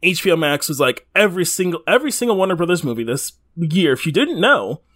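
Animated, rambling man co-hosting a podcast. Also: on the high side, fast. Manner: rambling, swears freely, laughs often. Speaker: podcast co-host. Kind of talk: casual chat.

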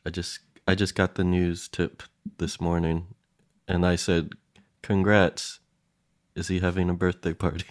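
Low-voiced guy cohost, lots of uhs, dry close mic, deadpan jokes. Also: a little slow, dry recording. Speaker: game show co-host. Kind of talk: deadpan improv comedy banter.

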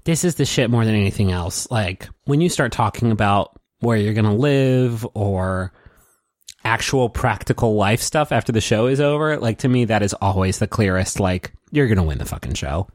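A man's voice: lowish voice, normal speed, dry recording, clean studio sound. A man co-hosting a podcast, chatting casually and ranting with plenty of swearing. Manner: profane, animated ranting. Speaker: podcast co-host. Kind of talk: casual recap chat.

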